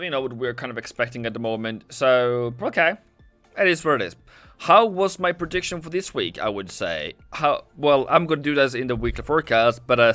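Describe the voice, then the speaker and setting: Bright, crisp-voiced man chatting about markets. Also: on the high side, no room sound. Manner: rambling, thinks aloud while charting, reads chat. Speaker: forex trading livestream host. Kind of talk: casual live market commentary. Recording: dry close sound with faint music. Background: faint background music.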